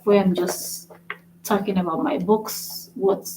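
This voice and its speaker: A woman of ordinary pitch leads a relaxed live-streamed lesson, chatting away and repeating her example words. She keeps checking in with her viewers, and a faint hum sits behind her voice. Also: slow, low-quality recording. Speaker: language learning channel host.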